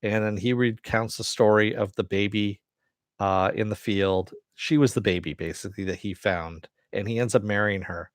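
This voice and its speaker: A man's voice: on the low side, steady tone, moderate pace, no room sound, clean studio sound. A man casually recapping a TV episode, rambling along with frequent fillers. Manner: rambling retelling with many fillers. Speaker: TV episode reviewer.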